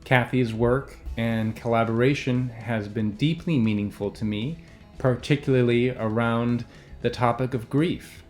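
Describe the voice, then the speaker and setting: A man from a poetry organization giving a calm, measured, formal introduction of a poet. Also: mid-range voice, faint music behind. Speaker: event host introducing a poet. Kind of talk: scripted introduction.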